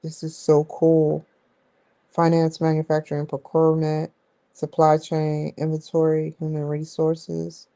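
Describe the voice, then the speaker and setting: A woman hosting a casual study vlog, thinking aloud, muttering to herself and breaking into excited exclamations. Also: low-pitched, measured pace, low-quality recording. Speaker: host.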